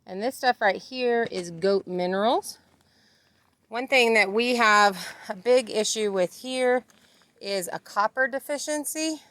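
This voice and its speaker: A woman's voice: mid-range voice, slow pace, fairly bright tone, no room sound. A middle-aged woman hosting a casual homesteading vlog, chatting about goat care outdoors on her farm and laughing at her own slip-ups. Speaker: homesteading vlogger.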